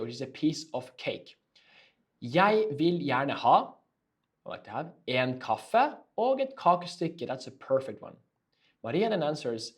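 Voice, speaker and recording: A man's voice: medium pitch, very animated, normal speed. A man from Norway with a Norwegian accent, teaching a language lesson in a casual, joking podcast style. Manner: joking, playful explaining.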